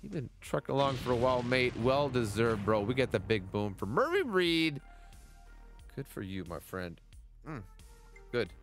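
A man's voice: mid-range voice, sing-song, normal speed, soft background music. A man in his thirties giving playful, chatty commentary while streaming a mobile golf game and greeting viewers by name.

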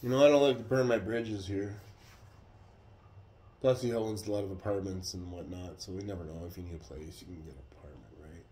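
A man telling a story in a casual, profane, animated way. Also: low voice, brisk, slight background noise. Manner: profane, animated retelling with acted quotes. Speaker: vlogger. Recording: roomy echo.

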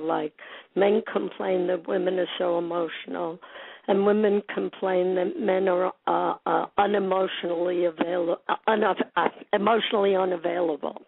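Gravelly woman therapist on a phone line. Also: medium pitch, dry recording. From Brooklyn, USA. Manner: thoughtful, self-correcting explanations. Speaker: psychotherapist guest. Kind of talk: phone interview. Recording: tinny phone line, dry.

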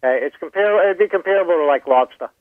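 A man's voice: high-pitched, lively intonation, fast talker, no room sound, narrow, tinny audio. A man with a Maine accent, chatting as a guest and telling folksy stories. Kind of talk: casual storytelling chat.

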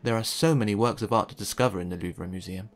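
A man calmly narrating a children's picture book aloud. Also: fairly low pitch, fast. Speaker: storytime reader.

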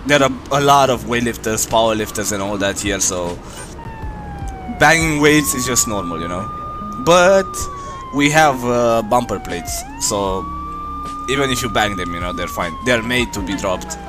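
With a medium-pitched voice, huge pitch swings, and a measured pace, this young streamer from Romania talks loosely with his audience. He rambles, filling gaps with plenty of fillers, over background music.

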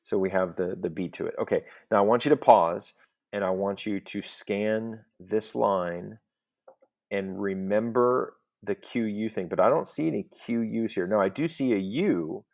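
A man's voice: on the low side, normal speed, gravelly, a little mellow. A man teaching a recorded Latin lesson, explaining step by step in a patient voice and often checking in with "okay?".

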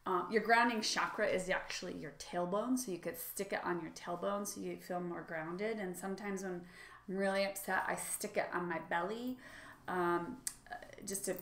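A woman's voice: fairly low pitch, steady tone, moderate pace, a bit bright, roomy sound. A middle-aged woman vlogger demonstrating products in a chatty, enthusiastic way, with frequent fillers. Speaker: lifestyle vlogger.

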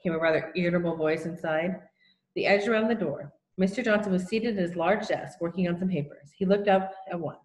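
A woman reads a children's novel aloud, narrating plainly and unhurriedly with a few small slips. Her voice sits on the low side and the room lends a noticeable echo. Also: fairly quick, darkish tone. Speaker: reader.

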